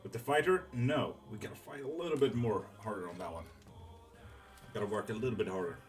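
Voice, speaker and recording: Soft music plays in the background as a man with a fairly low pitch talks briskly on his live tarot stream. He chats casually with viewers, reading their comments, rambling with fillers and an odd curse here and there.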